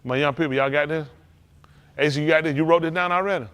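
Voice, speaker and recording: Speaking fast in a fairly high, clear, and resonant voice, a middle-aged man preaches to his congregation. He is animated, calling out to the crowd and teasing the younger listeners along the way.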